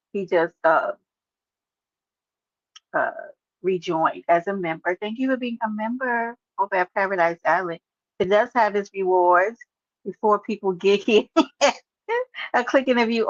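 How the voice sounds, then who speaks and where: A woman's voice: on the high side, dry recording. A woman hosts a casual livestream, greeting chatters by name with a sassy, playful manner. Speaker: livestream host. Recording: dull, dry lo-fi stream audio.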